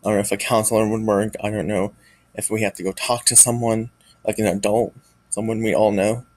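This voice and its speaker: A man speaking in a personal confessional vlog, near tears, halting and hesitant, often trailing off. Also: on the low side, level tone, a little mellow, dry recording, low-quality recording. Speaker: vlogger.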